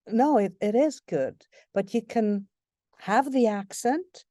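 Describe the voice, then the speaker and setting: A woman guest, a voiceover narrator, talking casually in an interview with lively, playful delivery. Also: a little high, slow pace, dry recording, clean studio sound. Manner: animated, playful, switches into accents mid-sentence.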